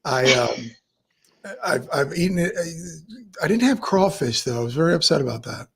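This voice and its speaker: A host from Maryland chatting casually in an interview, playful and quick to laugh along, often restarting sentences. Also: medium pitch, lively intonation, vocal fry, noisy background. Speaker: podcast host.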